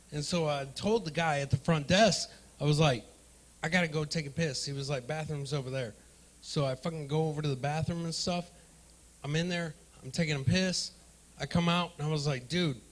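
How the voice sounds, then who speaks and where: A man works a club crowd as a stand-up comic, loud and profane. His voice sits high for a man and has a bright, sharp edge. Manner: loud, profane, riffing with the audience. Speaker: stand-up comedian hosting the night. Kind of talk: stand-up comedy with crowd work. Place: comedy club stage.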